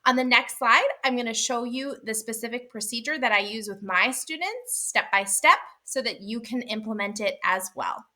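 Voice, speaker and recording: A woman's voice: on the high side, normal speed, hardly any pauses, sharp tone. A woman explaining a spelling procedure to teachers in a casual, upbeat way, checking in with "right?" and using fillers. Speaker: literacy teacher trainer.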